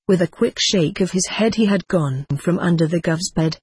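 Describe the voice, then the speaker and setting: Husky man reading a storybook. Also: sits high, normal speed, a little mellow. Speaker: narrator.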